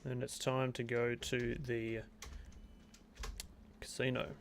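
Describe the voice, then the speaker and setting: A man's voice: medium pitch, completely flat delivery, slow pace, creaky, a little hiss or hum. A young Australian man with an Australian accent, rambling casually as he comments on his own gameplay on a stream. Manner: rambling, chatty, laid-back, self-talk while playing.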